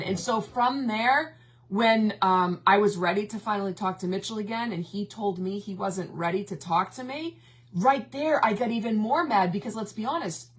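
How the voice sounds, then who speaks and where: A woman cohosting a recovery talk, candidly telling a personal story in a casual, confessional way. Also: medium pitch. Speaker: co-host, family member.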